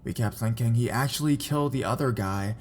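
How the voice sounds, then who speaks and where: A man reading reader-submitted scary stories aloud in a measured, even narration. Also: mid-range voice. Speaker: horror story narrator.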